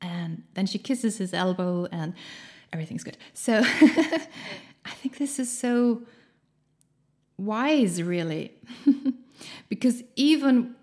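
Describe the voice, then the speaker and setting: A woman's voice: mid-range voice, expressive, slow, pauses often, darkish tone. A woman giving a casual motivational talk in an encouraging, chatty way, laughing often and using many fillers.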